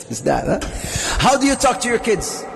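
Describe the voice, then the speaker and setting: Joking sheikh lecturing in a reverberant hall. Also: male voice, high voice, sing-song, measured pace, creaky, slight background noise. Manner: jokey, asks the audience questions. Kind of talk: lively mosque lecture. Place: Islamic centre hall.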